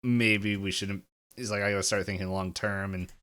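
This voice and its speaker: A man's voice: fairly low pitch, steady tone, moderate pace, a bit bright, smooth. A man co-hosting a podcast, casually recapping a cartoon episode in a rambling way and acting out the characters' lines, on a home computer mic. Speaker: podcast co-host.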